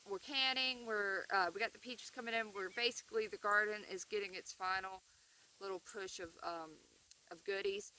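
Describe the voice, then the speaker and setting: A woman's voice: medium pitch, pushed and bright, distant mic, a little hiss or hum. A woman chatting casually to camera about her chickens, rambling with fillers and restarts. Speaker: backyard chicken keeper vlogger. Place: outdoors by a chicken coop.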